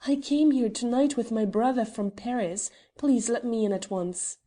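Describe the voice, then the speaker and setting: A spirited, brisk young Englishwoman as a woman narrator voices her speaks with a mellow, warm tone and an impatient edge. This is audiobook dialogue. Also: a little high, pitched above the performer's own voice, natural voice. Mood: urgent.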